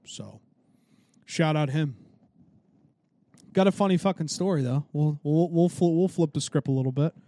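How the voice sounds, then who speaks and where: A man's voice: on the high side, normal speed, pauses often, warm tone, dry recording. A young man hosting a casual solo podcast, telling stories in a joking, profane, self-mocking way. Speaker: podcast host.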